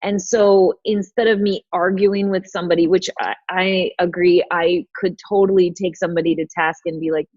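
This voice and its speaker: A woman's voice: lowish voice, little pitch movement, normal speed, few pauses, darkish tone, breathy edge, no room sound. A woman hosting a casual chat on a video call, thoughtful and searching for her words. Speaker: host. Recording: dull, lo-fi video call audio.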